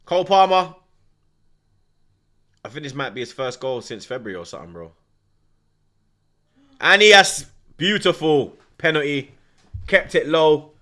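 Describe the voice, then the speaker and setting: A young man giving loud, animated live reaction commentary while watching a football match, full of slang and rants. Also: on the high side, moderate pace, pauses often. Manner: animated, ranting, London slang.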